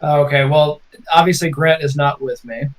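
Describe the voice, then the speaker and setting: A man's voice: fairly high pitch, fairly even intonation, moderate pace, a crowd in the background, rough recording. A man playing a tabletop game, speaking casually and tentatively. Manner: hesitant, tentative. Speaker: player. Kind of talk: casual chat.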